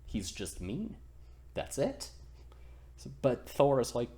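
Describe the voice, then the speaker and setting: Man, casual comedic storytelling, goofy, rambling, slow pace, mid pitch. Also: wildly swooping pitch, dark tone. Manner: goofy, rambling, self-interrupting. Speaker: storyteller, channel host. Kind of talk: casual comedic myth retelling.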